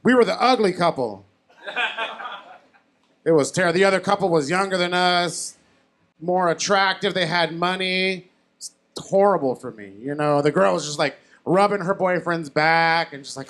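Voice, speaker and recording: On a comedy bar stage, a young stand-up comic with a strikingly high voice works the crowd through a handheld mic. His set is chatty and self-deprecating, delivered in a brisk, fairly bright tone, and he keeps tossing questions to the audience.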